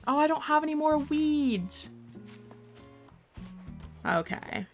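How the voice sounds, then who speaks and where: A woman's voice: high voice, animated, takes it slowly, faint music behind. A young woman casually chatting on a game stream, playful and talkative, talking to her cat and viewers.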